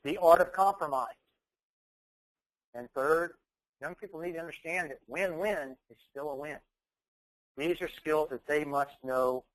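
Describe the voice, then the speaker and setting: A man with a slightly high voice gives an animated keynote talk. He tells a story with punchy repetition and then drives home his point for an audience of educators. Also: a little slow, pauses often, low-quality recording. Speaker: motivational speaker.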